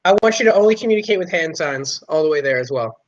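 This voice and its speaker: A man's voice: a little high, animated, fast. A man playing a tabletop game, blunt, profane and joking, on a dull lo-fi recording. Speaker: player. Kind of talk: casual tabletop play.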